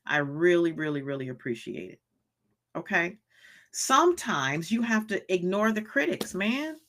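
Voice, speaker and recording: Female live-stream host, preachy and repetitive, bright, forceful tone, reads the chat aloud. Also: on the low side, very animated, unhurried. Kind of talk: motivational live-stream talk.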